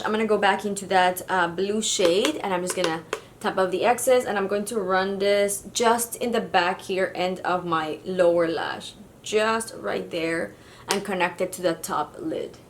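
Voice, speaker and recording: A woman's voice: medium pitch, slight background noise. Chatty woman vlogger narrating makeup. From Mexico. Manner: chatty and casual, with fillers like "kind of like". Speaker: beauty vlogger.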